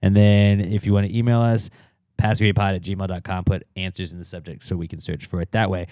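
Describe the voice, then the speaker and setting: A man's voice: sits low, flat delivery, brisk, dark tone, smooth, no room sound. A young man co-hosting a casual podcast, joking around and reading out the show's plugs. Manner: joking, riffs on silly voices, reads show plugs. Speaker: podcast co-host. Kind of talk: casual chat.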